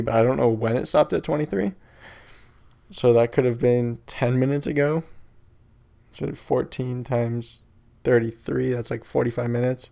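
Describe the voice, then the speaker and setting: Gravelly young man, rambling crude podcast. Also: mid-range voice. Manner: rambling, crude, laid-back. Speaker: podcast host. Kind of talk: casual solo podcast storytelling. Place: his bedroom. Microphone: old mic on a stand. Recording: tinny phone-like sound.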